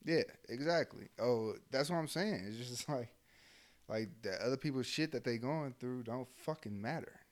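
A young adult man, an army soldier and podcast co-host, talks bluntly and heatedly in casual chat, full of fillers and swearing. His voice is mid-range at a normal speed.

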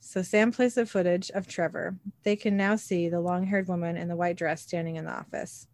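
A woman's voice: on the low side, fairly even intonation, normal speed, a little mellow. A woman narrating a TV episode scene by scene in a casual way, reading the characters' lines plainly with the odd filler. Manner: reads quoted dialogue plainly, with small fillers.

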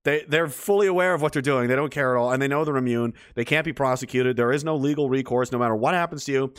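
A man's voice: mid-range voice, fast, clear, resonant tone, no echo, clean studio sound. A man ranting sarcastically and swearing freely, reading and answering his chat in a livestream.

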